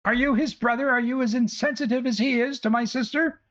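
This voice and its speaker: A man's voice: very high voice, steady tone, brisk, a bit bright, lo-fi sound, pitched above the performer's own voice. A man voicing an angry middle-aged village mother who scolds and rants indignantly. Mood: furious scolding.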